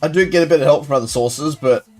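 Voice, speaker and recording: A man's voice: fairly high pitch, quick pace, a little mellow. A young man chatting casually with his viewers while playing a game live, rambling and playful as he answers chat. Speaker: gaming streamer.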